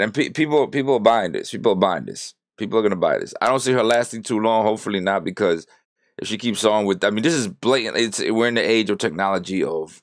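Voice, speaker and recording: A man's voice: fairly low pitch, dry recording, studio quality. A man giving a blunt, exasperated reaction rant about politics, swearing freely as he talks. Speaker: political commentator reacting to a clip.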